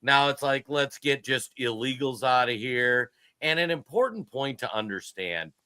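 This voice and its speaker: A fifty-year-old man co-hosting a casual political podcast, talking in an excitable, joking and emphatic way. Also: mid-range voice, dry recording. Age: 50s. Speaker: podcast co-host.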